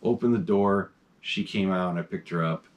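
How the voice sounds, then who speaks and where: Low-pitched and at a normal pace, this man's voice carries a horror mask collection vlog. He sits at a desk in his home mask room, chatting casually with enthusiasm, rambling and using lots of fillers.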